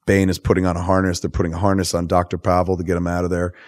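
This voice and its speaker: A man's voice: low-pitched, monotone, racing, a little mellow, no room sound, clean studio sound. A man hosting a podcast, recapping a film in a profane, rambling and enthusiastic way. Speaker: podcast host. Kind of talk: casual movie recap.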